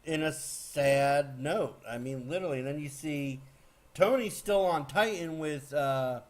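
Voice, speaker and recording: A man giving a casual, rambling movie spoiler recap, excitable, with lots of fillers and restarts. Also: on the high side, a little slow. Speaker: movie reviewer.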